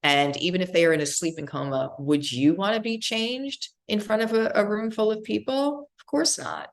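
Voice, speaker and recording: A woman's voice: mid-range voice, steady tone, moderate pace. A middle-aged woman giving an earnest, emphatic teaching talk on end-of-life care, speaking directly to her listeners. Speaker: end-of-life doula trainer.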